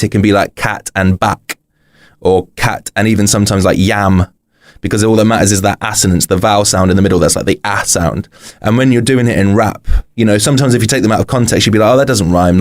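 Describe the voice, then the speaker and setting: A British man chatting casually on a podcast as a guest, explaining things in rambling sentences full of fillers. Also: on the low side. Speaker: podcast guest, rapper and author.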